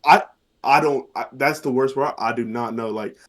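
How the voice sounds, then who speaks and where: A young man in his late teens talks as a podcast guest, excitable and loose, with curse words scattered everywhere. His voice sits at a middle pitch. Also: normal speed. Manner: excitable, swears a lot, says bro. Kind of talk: casual podcast chat.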